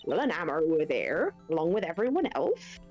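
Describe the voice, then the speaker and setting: A woman's voice: low voice, very animated, normal speed, a little mellow, highs cut off, soft background music, pitched below the performer's own voice. A woman voicing a chatty young female studio assistant in a video game, reading the lines loosely and jokily.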